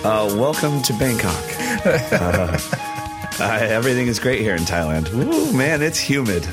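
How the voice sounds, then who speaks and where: A man co-hosting a podcast, hoarse from losing his voice, telling stories excitedly and laughing often in casual chat. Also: on the low side, measured pace, music in the background. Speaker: podcast co-host.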